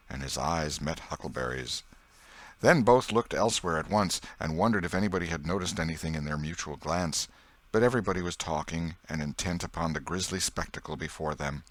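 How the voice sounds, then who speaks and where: A man reading an audiobook with dramatic, expressive narration. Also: sits low, no echo.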